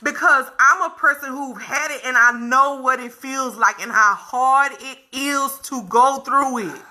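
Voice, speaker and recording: Woman vlogger, high and piercingly bright, emphatic, repeats herself, addresses viewers directly. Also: unhurried. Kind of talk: candid talk to viewers.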